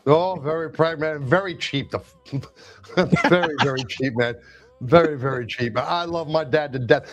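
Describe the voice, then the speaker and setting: A man from New Jersey on a casual podcast, an animated storyteller who acts out his family in quotes. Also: on the high side, moderate pace, soft background music. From New Jersey, USA. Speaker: podcast co-host.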